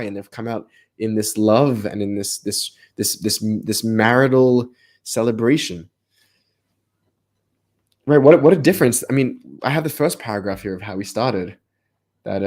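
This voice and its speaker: A man's voice: medium pitch, a little mellow. A man co-hosting a live text study, talking with energy and restarting phrases as his ideas build. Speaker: co-host of a text study livestream. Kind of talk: animated live study discussion.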